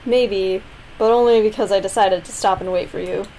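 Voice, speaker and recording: A woman reading the lines of a lazy, dismissive teenage schoolboy narrator from a game, in a flat, low-key tone. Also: moderate pace, a little hiss or hum, lightly acted, rough recording. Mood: dry.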